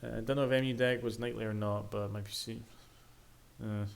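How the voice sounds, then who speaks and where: A man's voice: on the low side, steady tone, a little fast, creaky, slight background noise. A man with a Scottish accent chatting casually as he streams a video game, swearing freely and grumbling about crashes. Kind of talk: casual gameplay commentary. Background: game music.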